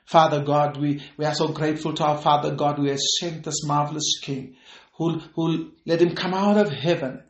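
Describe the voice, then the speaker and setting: A man preaching a fervent podcast sermon and prayer, repeating phrases and rising to shouted peaks. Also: fairly high pitch, vocal fry, echoey room.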